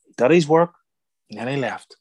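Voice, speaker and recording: An animated man telling a story as an interview guest, jumping into the voices of the people he quotes. His voice sits at an ordinary middle pitch. The sound is close and dry, with no room around it. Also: moderate pace, breathy edge, no echo. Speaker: guest, former boxer turned actor.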